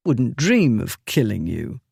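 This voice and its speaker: Guy doing a chill, low, lazy duke who threatens politely, slow and even, storybook. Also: creaky, breathy edge, no room sound, clean studio sound, heavily acted. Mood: cool menace. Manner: mild, amiable, lazy, unhurried. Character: calm, coolly menacing male duke.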